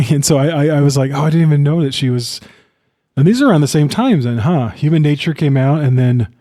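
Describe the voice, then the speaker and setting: A young co-host's voice is a little high and dark in tone as he briskly chats about a film on a podcast, swearing often in the casual conversation.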